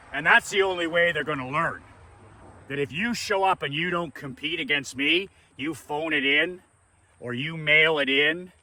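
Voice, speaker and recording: A man's voice: a little high, bright, forceful tone, dry recording. A middle-aged man, a business coach, telling a blunt, profane motivational story with strong emphasis.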